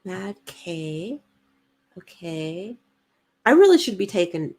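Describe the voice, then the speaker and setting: A woman's voice: fairly low pitch, big pitch swings, slow pace, darkish tone. A woman, co-hosting a casual livestream, chatty and giggly as she reads comments aloud. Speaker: podcast co-host reading live chat.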